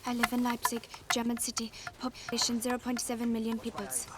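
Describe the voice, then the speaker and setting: A woman's voice: on the high side, quick pace, heavy background noise, lightly acted. A woman playing a drilled young girl reciting. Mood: rote reciting. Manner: flat, rote, drilled recitation. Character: young girl reciting a memorised cover story. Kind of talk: film scene. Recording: film soundtrack with loud gunfire.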